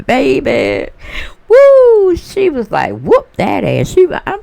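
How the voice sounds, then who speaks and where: Sassy gravelly-voiced woman gossiping. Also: sits low, a little hiss or hum. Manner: sassy, animated storyteller who acts out other people's voices. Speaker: celebrity gossip commentator. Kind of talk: casual gossip monologue.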